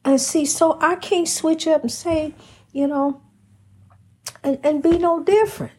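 A woman hosts a Christian inspirational program as a casual spoken devotional message, folksy and down-to-earth, calling listeners honey and repeating phrases with a preacher's emphasis. Her voice is high-pitched, warm and steady, and she takes her time.

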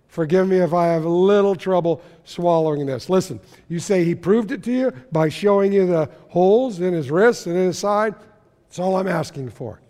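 A pastor voicing a wary, doubting disciple. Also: male voice, high-pitched, a little mellow. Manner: wary, reasonable. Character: skeptical man, a doubting disciple. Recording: long reverb of a church hall.

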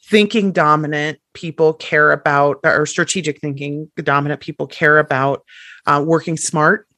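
Woman coach, podcast guest, lively and expressive, quotes clients in their voices; dry, close recording. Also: low voice, normal speed, no echo. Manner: animated, acts out quotes of clients and herself. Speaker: strengths coach. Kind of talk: podcast interview.

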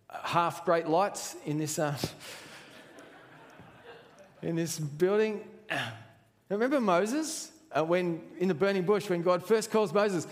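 Pastor preaching in an echoing hall. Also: male voice, fairly high pitch. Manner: earnest preaching, full of rhetorical questions. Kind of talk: sermon. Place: church hall. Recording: reverberant church hall.

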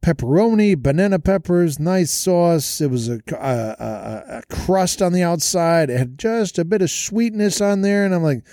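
A man's voice: high voice, animated, moderate pace, few pauses, mellow, no room sound, clean studio sound. Chatty man telling stories from a hotel room. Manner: chatty, rambling, self-deprecating storyteller. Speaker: podcast host. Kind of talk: casual storytelling monologue. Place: hotel room with makeshift soundproofing. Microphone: podcast mic through an audio interface.

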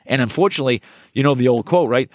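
A middle-aged man telling stories as a podcast guest, energetic and profane, often repeating words as he gets going. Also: mid-range voice, fast, dry recording, clean studio sound. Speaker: podcast guest, trainer and author. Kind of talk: casual interview storytelling.

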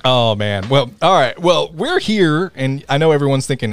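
A man's voice: mid-range voice, sing-song, moderate pace. A man hosting a casual podcast chat, upbeat and teasing, laughing often. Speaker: podcast host.

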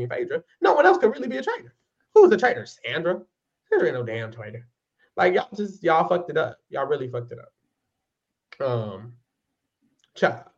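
A man's voice: a little high, dull audio. A man co-hosting a podcast, recapping a reality show in casual chat, blunt and profane with sassy asides. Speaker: podcast co-host.

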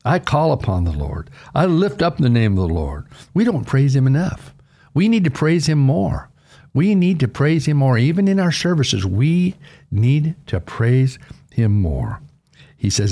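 An older man with a gravelly edge preaches a radio devotional. He talks earnestly and emphatically, lifting his voice on the points he wants to stress. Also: very animated, normal speed, a little mellow. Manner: earnest, emphatic, pitch rising on key phrases. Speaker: radio pastor.

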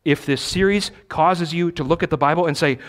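A man's voice: a little high, brisk. A male pastor giving a teaching sermon in a church. He speaks emphatically and repeats key phrases for stress.

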